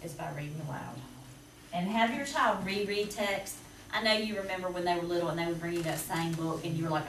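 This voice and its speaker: Chatty Southern woman teacher, roomy classroom. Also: on the low side. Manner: chatty, lively, quick to laugh. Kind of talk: presentation to parents. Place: school classroom. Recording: roomy, distant, noisy classroom recording.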